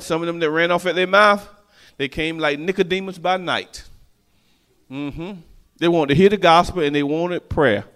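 A man preaches a sermon in a fairly high voice. He drops to hushed asides, then rises to shouted calls to the congregation. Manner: call-and-response preaching, swinging from hushed to shouted.

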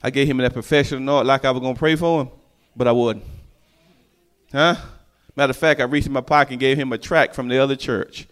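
A man preaching a sermon, calling out to the congregation and swinging from hushed asides to shouted lines. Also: medium pitch, steady tone, brisk.

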